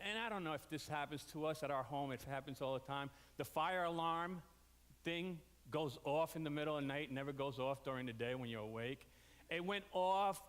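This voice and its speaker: A man preaching a storytelling sermon, animated and leaping up in pitch for quoted voices. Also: smooth. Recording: reverberant hall.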